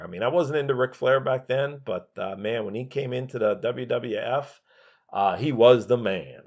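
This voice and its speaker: A man's voice: medium pitch, moderate pace, a little mellow, lo-fi sound. A man hosting a podcast, rambling through his memories in a casual monologue with many fillers. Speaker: podcast host.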